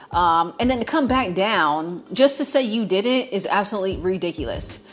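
A young American woman chatting to her viewers in a playful, emphatic way, piling up repetitions for effect. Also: mid-range voice. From United States. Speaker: vlogger. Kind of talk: casual chat to viewers.

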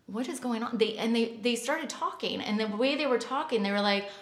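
A woman's voice: a little high, brisk. A woman co-hosting a podcast, telling a personal story in a rambling, casual way full of fillers. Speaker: podcast co-host. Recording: echoey room.

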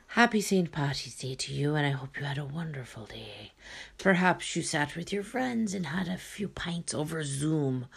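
A woman from Canada hosts a solo podcast, talking casually into a close mic. Her voice has a gravelly fry, and she moves between wisecracks and open talk about her life. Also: deep voice, sharp tone. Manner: chatty, joking and candid. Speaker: podcast host.

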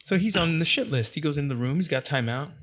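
A man's voice: on the high side, lively intonation, fast talker, a bit bright. A man, father of two young boys, chatting casually and telling rambling stories full of swearing. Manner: profane, rambling storyteller. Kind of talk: casual chat.

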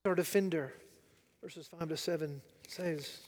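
A man preaching a sermon, dramatic and rhetorical, swinging between loud declarations and hushed asides. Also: fairly high pitch, a little slow, big-room sound. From United States. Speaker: pastor.

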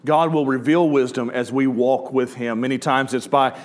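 A man's voice: medium pitch, fairly even intonation, moderate pace. A middle-aged man preaching a sermon to a congregation, talking in a conversational, storytelling way and asking the audience questions. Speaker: pastor. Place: church before a live congregation.

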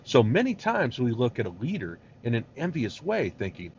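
Animated male preacher teaching a passage. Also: mid-range voice, normal speed, gravelly, few pauses. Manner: animated, conversational, acts out voices. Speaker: pastor. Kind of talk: expository sermon. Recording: dull lo-fi recording with faint hiss.

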